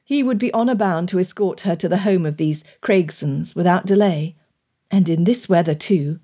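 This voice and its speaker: Female audiobook narrator, low and mellow, measured reading. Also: breathy edge. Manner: measured, even storytelling. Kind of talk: scripted narration.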